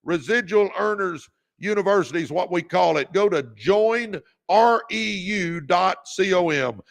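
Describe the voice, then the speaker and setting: Gravelly revved-up motivational man. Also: high-pitched, expressive, a little slow. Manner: revved-up preacher-like exhortation, calls out viewers by name. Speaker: podcast host. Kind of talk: motivational livestream talk.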